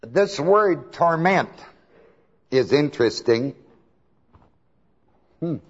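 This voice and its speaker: A man preaching a sermon, asking his listeners to fill in words and swinging between soft talk and shouts. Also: medium pitch, lively intonation, slow, long pauses, breathy edge. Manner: asks the congregation to fill in words. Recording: long hall reverb, dull lo-fi sound.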